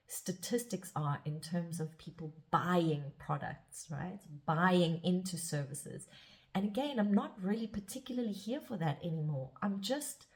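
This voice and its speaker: Her pitch is fairly low and her tone darkish. This middle-aged spiritual guide, who also hosts a podcast, muses in a rambling, introspective monologue, frequently breaking off and starting her sentences over.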